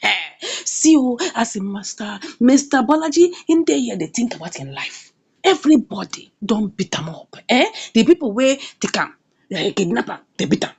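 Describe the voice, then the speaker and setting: A Nigerian woman reviewer recaps a comedy series in a casual, animated way. Her high voice leaps all over the place, with a gravelly fry at the ends of phrases. She repeats herself for emphasis and keeps checking in with "eh?".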